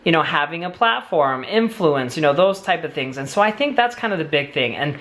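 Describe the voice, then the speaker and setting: Brisk and expressive, this young male vlogger co-host has a bright voice on the high side. He rambles enthusiastically through a casual family Q&A, with lots of fillers, side comments and restarted sentences.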